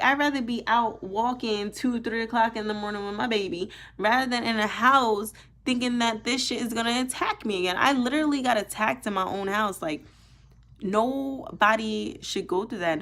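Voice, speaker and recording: A young adult woman telling a personal story to camera, animated and profane, peppered with "like". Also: medium pitch. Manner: animated, profane, emphatic, heavy use of "like". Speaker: vlogger. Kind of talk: casual storytime monologue.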